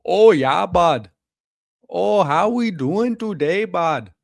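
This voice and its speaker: A man putting on an exaggerated voice of a chummy rural Canadian man with drawn-out, folksy speech. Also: high voice, animated, vocal fry, dry recording, clean studio sound, voice pushed up, heavily acted. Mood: teasing. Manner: drawn-out, folksy, calls everyone bud.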